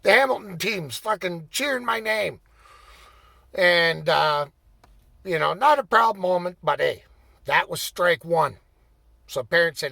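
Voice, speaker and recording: A man telling a personal story in a casual, profane way, getting animated and raising his voice as he relives the anger. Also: high voice, unhurried, gravelly, long pauses, no room sound. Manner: animated, swearing, bursts into shouting when reliving anger. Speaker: storyteller recounting his playing days.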